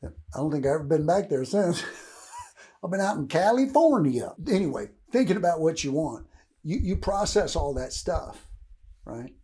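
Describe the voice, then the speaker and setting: An older man from Kentucky gives a casual, rambling motivational talk. He keeps checking in with "right?" and chuckles between points. His voice sits a little high and swings widely in pitch. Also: big pitch swings, normal speed, dark tone. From Louisville, Kentucky, USA. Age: 60s. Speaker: motivational speaker.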